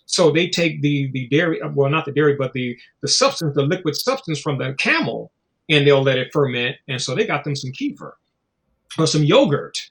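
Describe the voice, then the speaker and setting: A man's voice: on the high side, fairly bright tone. A man in casual conversation, talking in a loose, profane, preachy way and acting out little voices as he goes. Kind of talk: casual chat.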